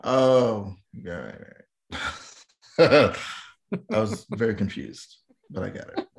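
A man's voice: on the low side, sing-song, takes it slowly, gravelly. A man hosting a podcast quiz, chatting casually with his players, teasing them and laughing a lot. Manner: teasing and jokey, laughs often. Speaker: podcast host running a music quiz.

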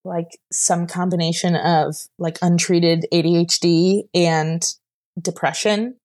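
A woman's voice: on the low side, steady tone, slow, darkish tone. A young woman telling a personal story as a podcast guest. She rambles emotionally, with many fillers, and sounds close to tears at times.

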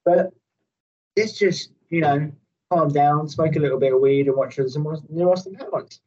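Sweary, animated man on a distant mic. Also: a little high, normal speed, highs cut off. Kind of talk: casual chat.

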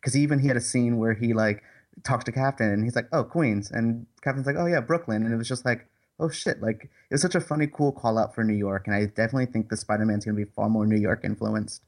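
A man's voice: on the low side, steady tone, fast, a little mellow. A man co-hosting a podcast, chatting casually about a superhero movie with enthusiasm and frequent um's and restarts. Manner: enthusiastic, hesitant with fillers and acted-out quotes. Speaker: podcast co-host. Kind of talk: casual movie review chat.

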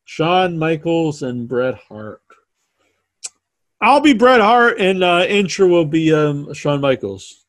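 A man's voice: fairly high pitch, big pitch swings, slow pace, no room sound. A man hosting a podcast live stream in a casual, joking, teasing and rambling way. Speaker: podcast host.

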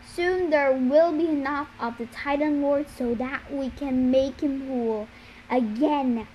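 A man's voice: very high voice, measured pace, muffled recording, slight background noise. A woman voicing a scheming young male villain who speaks in a coaxing, persuasive way.

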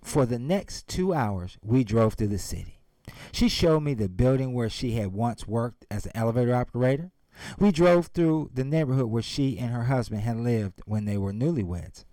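A man's voice: medium pitch, lively intonation, moderate pace, warm tone, dry recording. A man giving a motivational speech and retelling a story, emphatic and speaking straight to his audience. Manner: emphatic, addresses the audience directly.

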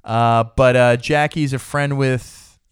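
A man's voice: medium pitch, steady tone, takes it slowly, clean tone, no echo, studio quality. A man co-hosting a comedy podcast, chatting casually and laughing often between jokes. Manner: laughs often, puts on brash voices for bits. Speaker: podcast co-host.

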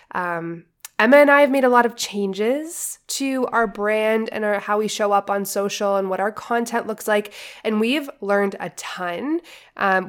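A woman co-hosting a podcast, her voice nasal and stuffy from a cold, chatting upbeat and casual. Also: mid-range voice. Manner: upbeat, chatty, fond of "like" and "obsessed". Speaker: podcast co-host. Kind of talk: casual podcast chat and host-read ad.

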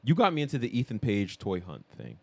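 A man's voice: fairly low pitch, huge pitch swings, creaky, darkish tone, dry recording. Joking podcast co-host man, dry mic. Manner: joking, quick-witted, laughing. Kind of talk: casual podcast chat.

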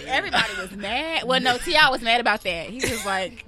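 A woman hosting a casual podcast chat, playful and quick to laugh. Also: a little high, lively intonation, a crowd in the background. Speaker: podcast host.

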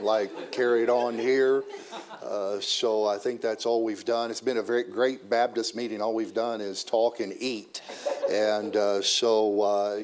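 A man's voice: on the low side, a little mellow. Folksy preacher man with many fillers. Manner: folksy, joking, halting with fillers. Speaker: visiting preacher. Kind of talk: sermon. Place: church.

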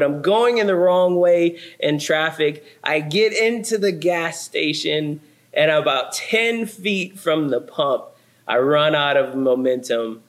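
Young guy pastor preaching, lively storyteller, kinda high voice. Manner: animated storytelling with laughs and sound effects. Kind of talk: sermon.

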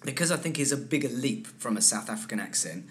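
Guy, coach, chatty and explaining, mid pitch, lots of yeah yeah yeah. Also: expressive. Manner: explanatory, many quick agreeing "yeah"s. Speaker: accent and dialect coach. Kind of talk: casual interview talk.

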